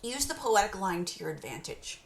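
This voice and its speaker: A woman teacher giving a recorded course lecture on poetry, explaining terms in a measured way and reading short poem excerpts slowly aloud. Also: medium pitch, very animated, gravelly, reverberant.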